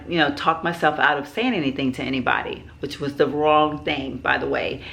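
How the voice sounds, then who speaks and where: A woman's voice: sits low, fairly bright tone. A middle-aged woman vlogger telling a personal story in a rambling way, with many fillers and restarts.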